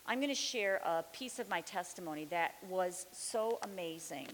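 A woman's voice: fairly low pitch, lively intonation, normal speed. A middle-aged woman teaching the Bible, sharing a testimony with fervent, building declarations. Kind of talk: testimony during a sermon. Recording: long reverb with faint hiss.

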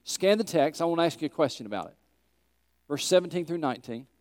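A man's voice: fairly high pitch, expressive, fast, no room sound. Earnest man teaching scripture. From Tennessee. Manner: earnest, emphatic, questions the class. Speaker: Bible teacher. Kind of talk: teaching a Bible class.

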